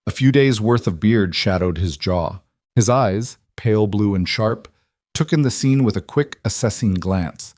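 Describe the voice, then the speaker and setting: Low-voiced man narrating a western. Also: lively intonation, a little mellow, dry recording. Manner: measured, dramatic storytelling. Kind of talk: scripted narration.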